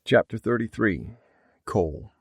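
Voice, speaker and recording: A man narrating a first-person romance novel in an intense, gruff, steady way. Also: on the low side, a little slow, no room sound, studio quality. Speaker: audiobook narrator.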